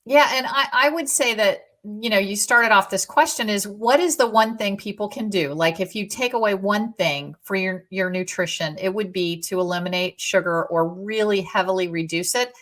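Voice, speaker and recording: A middle-aged woman, a guest and podcast co-host, telling stories in a lively, emphatic way during a casual conversation. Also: mid-range voice, moderate pace, hardly any pauses.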